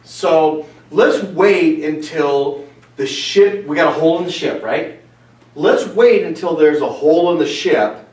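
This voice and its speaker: A man hosting a casual clinic presentation as a chiropractor, animated and breaking in with asides. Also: fairly high pitch, a little slow. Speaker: chiropractor host. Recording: echoey room from far off.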